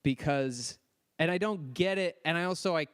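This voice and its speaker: A young man co-hosting a podcast, telling an animated story and acting out quotes in a casual rant. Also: on the high side, moderate pace, clear, resonant tone. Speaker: podcast co-host. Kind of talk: casual ranting chat.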